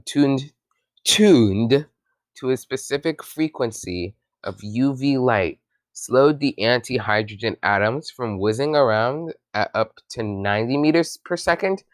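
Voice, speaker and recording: A man's voice: medium pitch, no room sound. A man casually reading a science article aloud with his own commentary, often stumbling, rereading and correcting himself.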